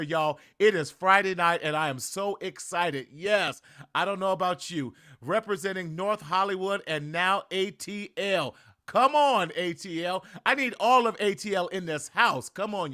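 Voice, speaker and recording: Hyped, high-voiced middle-aged male host. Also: bright, forceful tone. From Southern California. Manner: hyped, repetitive calls to join, casual slang. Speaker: podcast host. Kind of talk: live-streamed launch party hosting.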